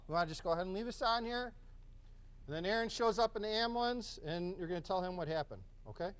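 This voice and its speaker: A man runs a hands-on first aid class in a training room, his voice sitting noticeably high for a man. He talks casually and encouragingly as he coaches students through each step. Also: fast talker, fairly bright tone.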